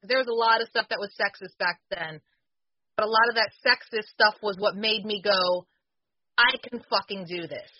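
A woman's voice: mid-range voice, fairly even intonation, normal speed, dry recording, highs cut off. A woman who used to wrestle, talking bluntly on a casual podcast. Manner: blunt, argumentative. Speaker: former wrestler, podcast co-host.

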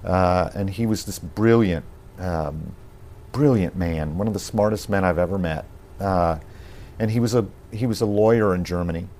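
A man being interviewed on a podcast, talking in a thoughtful, measured way with frequent pauses and restarts. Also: low-pitched, darkish tone, a little hiss or hum.

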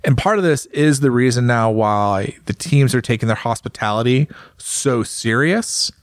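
Co-host, male, easygoing rambler, fillers and restarts, medium pitch, dry close sound. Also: lively intonation, normal speed, no room sound. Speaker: podcast co-host, motorcycle rider. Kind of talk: casual chat.

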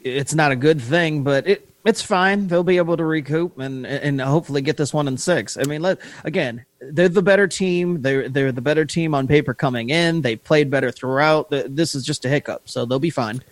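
A man's voice: fairly high pitch, moderate pace, hardly any pauses, dry recording. A man co-hosting a casual podcast, giving hockey takes with hedges and repeated words. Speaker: podcast co-host, hockey analyst. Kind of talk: casual chat.

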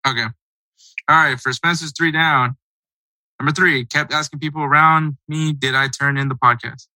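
A man's voice: on the high side, fairly even intonation, normal speed, bright, forceful tone, no room sound, poor audio. A man hosting a casual sports podcast, talking in a loose, rambling, conversational way. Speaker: podcast host.

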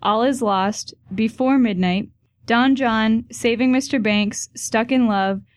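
A woman's voice: on the high side, slow pace, dry recording. A woman co-hosting a live podcast, laughing easily while reading nominees. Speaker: podcast co-host. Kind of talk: casual chat at a live awards show.

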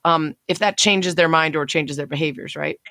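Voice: mid-range voice, fairly even intonation, normal speed, bright, forceful tone, no echo. Dry-sounding interviewer asking questions. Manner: engaged, prompting questions. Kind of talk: conversational interview.

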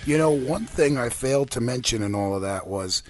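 A man hosting a casual wrestling podcast, giving a brisk play-by-play recap. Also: medium pitch, animated, no echo, faint music behind. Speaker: podcast host.

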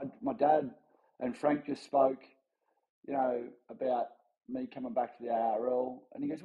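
A man's voice: medium pitch, moderate pace, phone-quality sound. A man in his forties with an Australian accent, telling a story as a guest in a casual podcast interview, acting out other people's lines and chuckling as he goes. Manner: animated anecdote-telling with quoted voices and chuckles. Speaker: former rugby league player, podcast guest.

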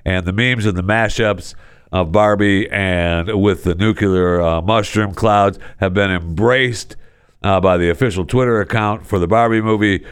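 Sarcastic low-voiced male talk host. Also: steady tone, measured pace, clear, resonant tone, no echo, studio quality. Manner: sarcastic ranting with stumbles and restarts. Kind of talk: casual talk-show commentary.

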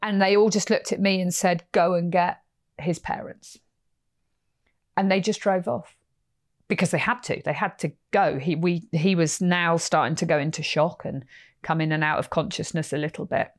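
A woman podcast host telling a personal story in a lively, animated way, acting out quotes as she goes. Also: on the low side, normal speed. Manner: animated, vivid retelling with acted-out quotes.

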